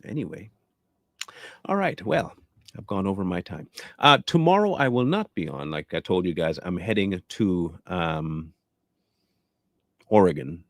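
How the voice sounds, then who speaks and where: A man's voice: low-pitched, big pitch swings, unhurried, long pauses, no echo. A man hosting a casual live show, rambling and repeating himself as he chats with viewers. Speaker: host. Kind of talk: casual livestream sign-off chat.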